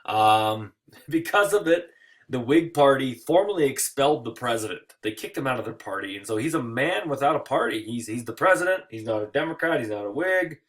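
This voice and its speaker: A tired man teaching history in a recorded slideshow lecture, joking and acting out quick little voices. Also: mid-range voice, lively intonation, fairly bright tone.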